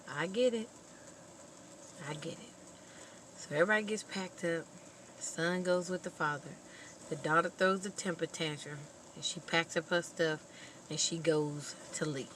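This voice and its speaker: A woman vlogger casually retelling a movie plot in an animated, expressive storytelling manner. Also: on the low side, slight background noise, low-quality recording.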